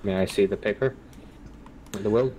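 A man playing a tabletop role-playing game, speaking in character as a priest in formal, measured speech. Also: on the low side, warm tone, poor audio. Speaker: player.

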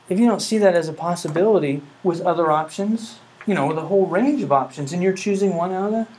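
A man's voice: on the high side, darkish tone, a little hiss or hum, low-quality recording. Earnest man lecturing to a class. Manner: earnest, asks rhetorical questions, hums melodies. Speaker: music professor.

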